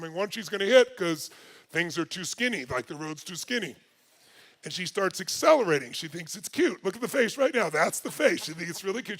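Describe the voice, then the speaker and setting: Animated gravelly man telling a story. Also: high voice. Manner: lively, swings from loud exclaiming to quiet earnest. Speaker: speaker telling a story to an audience.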